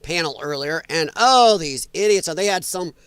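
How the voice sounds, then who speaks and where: A man's voice: a little high, animated, moderate pace, fairly bright tone, clear, resonant tone, dry recording. A man from Illinois hosting a political commentary livestream, ranting and sarcastic with crude language. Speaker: host.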